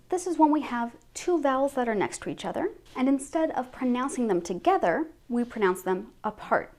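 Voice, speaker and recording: A woman French teacher giving a scripted lesson, modelling each sound slowly and clearly. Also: on the high side, a little mellow.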